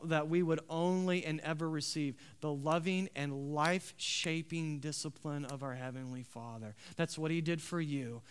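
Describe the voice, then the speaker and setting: A man preaching a sermon, building to loud emphatic swells and dropping to quiet, earnest tones. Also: a little high, smooth. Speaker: pastor.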